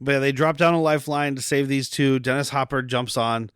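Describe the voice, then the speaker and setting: A male podcast co-host walking through a movie's plot in a relaxed, chatty way and dropping trivia along the way. His voice sits at an average pitch. The sound is dry and close. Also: fairly quick, clear, resonant tone, no echo. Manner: retells plot points with trivia. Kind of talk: casual movie recap.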